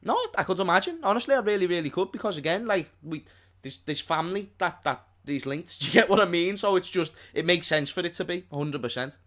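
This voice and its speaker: A young man with a Scouse accent co-hosting a casual football podcast, animated and quick to laugh. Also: high voice. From Liverpool. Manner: laughing, animated, slangy banter. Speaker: podcast co-host.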